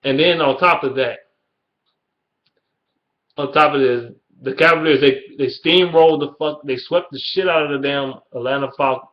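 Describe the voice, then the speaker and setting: A man's voice: medium pitch, moderate pace. Early-20s man, Detroit accent, mid-range voice, heated profane vlog rant, muffled lo-fi sound. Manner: blunt, heated, swears constantly. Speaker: YouTuber. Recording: dull lo-fi webcam audio.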